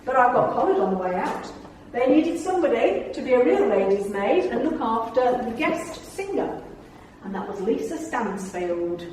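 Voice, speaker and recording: A woman's voice: a little high, big pitch swings, normal speed, darkish tone, slight background noise. A middle-aged woman telling funny stories to a club audience and acting out the dialogue in them. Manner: chatty storyteller, acts out the dialogue in her tales. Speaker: after-dinner speaker. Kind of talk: anecdotal talk to a club audience. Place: function room. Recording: very echoey room, speaker far from the mic.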